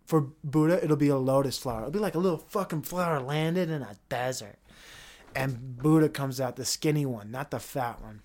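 A man's voice: medium pitch, moderate pace, darkish tone. A man hosting a solo podcast, rambling and joking with frequent profanity as he talks to himself. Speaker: podcast host.

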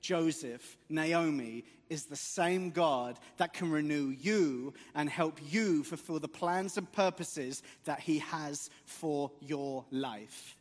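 A man's voice: on the high side, takes it slowly, few pauses. A man preaching a sermon in church, earnest and emphatic with occasional light jokes. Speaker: guest preacher. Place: church sanctuary. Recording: long church hall reverb.

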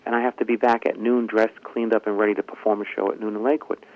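Fairly low in pitch and fast, his narrow voice comes through tinny audio. The man, a ventriloquist and comedian, recounts a lengthy story during an interview, animatedly voicing the lines of the people involved.

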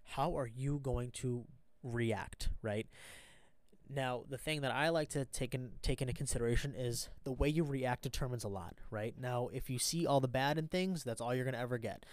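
A man's voice: medium pitch, moderate pace, dry recording. Earnest man giving a rambling pep talk. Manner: earnest, rambling, keeps asking "right?". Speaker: vlogger sharing a mindset talk. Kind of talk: casual motivational monologue. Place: stranded at an airport after a cancelled flight.

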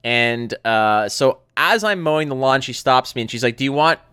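A man chatting as a podcast host, his pitch swinging widely as he tells a story. His speech is loose and full of fillers. The recording is dry and close. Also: moderate pace, smooth, dry recording. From Canada. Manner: animated storyteller, many fillers. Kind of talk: casual podcast chat.

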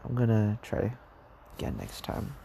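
A young man talks slowly and hesitantly into his own video diary, tired and sad. His voice sits low and mellow, and at times it sinks almost to a whisper. He pauses often, as if searching for the words. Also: big pitch swings, creaky, slight background noise. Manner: soft, hesitant, halting, sometimes near a whisper. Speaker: vlogger. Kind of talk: reflective personal diary vlog.

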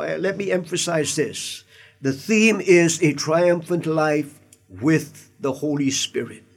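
A man, a pastor, preaching an earnest sermon with emphatic asides and repeated words. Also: on the high side. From Indian heritage.

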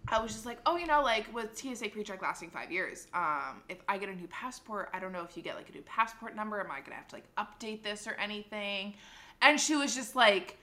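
A woman's voice: mid-range voice, brisk. A young woman co-hosting a casual podcast, telling an exasperated story with swearing and laughter. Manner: excitable, swears freely, laughs through the story. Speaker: podcast co-host.

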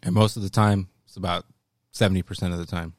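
A young man co-hosting a casual podcast, telling stories in a laid-back, deadpan way with swearing. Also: deep voice, fast talker, no echo, clean studio sound. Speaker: podcast co-host. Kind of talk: casual chat.

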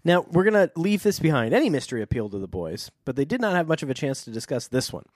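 A man reading a book aloud for a comedic podcast, interrupting himself with playful, sarcastic remarks. His voice swoops through a wide, lively range. The recording is dry and close. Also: a little high, fast, dry recording. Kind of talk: comedic read-along chat.

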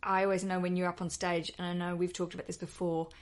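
A woman's voice: lowish voice, level tone, fast talker, no room sound. Chatty woman podcast host. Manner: chatty, self-mocking, rambling asides. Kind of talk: casual podcast chat and sign-off.

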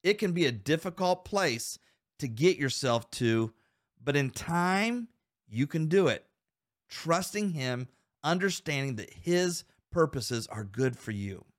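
A man's voice: on the high side, expressive, slow pace. A man hosting a Christian men's podcast, earnestly exhorting listeners with rhetorical questions and calling them guys. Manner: calls listeners guys and men. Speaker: podcast host.

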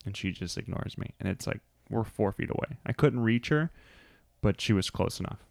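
A man in his thirties co-hosting a podcast, telling a relaxed story in casual chat. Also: lowish voice, moderate pace, gravelly, no echo, studio quality. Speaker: podcast co-host.

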